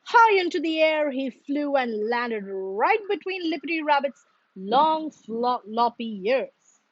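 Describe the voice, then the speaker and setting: A woman reading a children's storybook aloud in a slow, expressive, sing-song way. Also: high voice, dry recording, dull audio.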